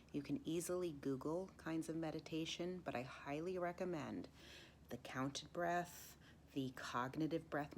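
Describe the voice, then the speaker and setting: A woman teaching meditation, counting breaths and guiding a mantra, often dropping into soft whispers. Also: deep voice, slight background noise. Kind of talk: guided meditation lesson.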